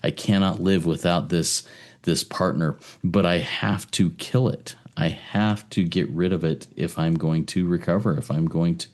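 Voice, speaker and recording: A man with a very low voice co-hosts a casual recovery podcast. He speaks earnestly and often repeats a word while he finds the next one. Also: steady tone, a little slow, darkish tone. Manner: earnest, repeats words as he thinks. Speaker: podcast co-host, sponsor.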